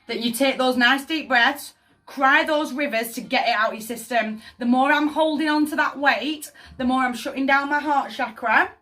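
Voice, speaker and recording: A tarot reader gives an emotive reading, frequently checking "does that make sense" as faint music plays behind her. Her voice is fairly high and fairly bright.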